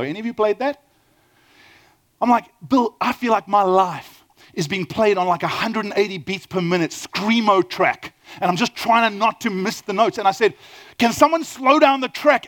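A middle-aged man with a South African accent, preaching a sermon with lively storytelling and questions to the audience. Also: sits high. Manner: animated storytelling, asks the audience questions, acts out quoted dialogue. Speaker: pastor.

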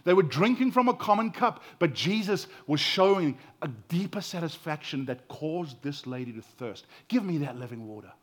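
A man with a South African accent preaching a sermon, earnest and expressive, with emphasis that rises and falls. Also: a little high, moderate pace, hardly any pauses.

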